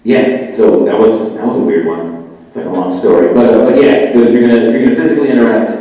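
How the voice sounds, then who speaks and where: A man talks loosely as a guest on a live festival panel, circling back with fillers as he goes. His voice is mellow and dark. It reaches the mic from a distance, with a long hall reverb and dull lo-fi sound. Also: lowish voice, steady tone, quick pace. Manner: rambling, many "like" fillers and restarts. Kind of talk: casual live panel chat. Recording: echoey hall, far from the mic, lo-fi.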